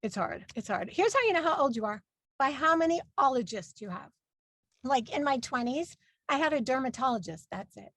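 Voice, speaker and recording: Animated high-voiced woman comic. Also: a little fast, no echo. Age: 40s. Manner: brash, punchy delivery with exaggerated voices for parents. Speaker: stand-up comedian. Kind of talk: stand-up comedy set.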